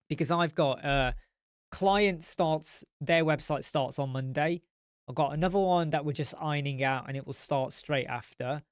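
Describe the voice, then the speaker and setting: A man's voice: a little high, clean tone, no room sound, studio quality. A man hosting a casual live chat, tired and yawning, rambling as he answers viewer comments.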